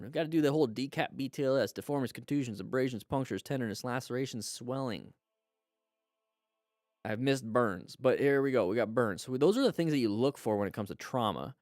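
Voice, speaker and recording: A man hosting a live stream, reviewing motorcycle crash videos and coaching viewers with lively exclamations. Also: mid-range voice, brisk, no room sound, studio quality, soft background music.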